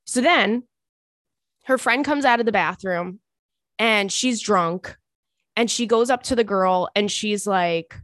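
A woman's voice: mid-range voice, dry recording, clean studio sound. A woman, telling a story in casual chat as podcast host and acting out the people in it. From Long Island, New York. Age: 30s. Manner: animated, acts out voices in anecdotes.

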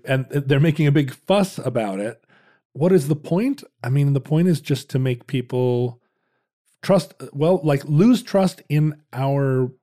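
Mellow-voiced man trading wry quips. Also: mid-range voice. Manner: joking, wry, mock-serious quips. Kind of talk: casual chat.

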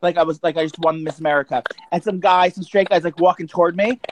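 A man's voice: a little high, steady tone, fast, a little hiss or hum. A man co-hosting a podcast, telling gossipy stories in a campy, rambling way full of fillers. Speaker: podcast co-host. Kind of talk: casual chat.

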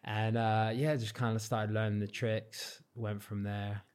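A young man from Cornwall with a general English accent and a fairly low voice talks casually as a guest. He sounds relaxed and modest and leans on fillers like "you know" as he tells his stories. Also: measured pace, crowd noise. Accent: English, not Cornish. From Cornwall, England. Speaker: guest, freestyle football champion. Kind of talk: casual interview chat.

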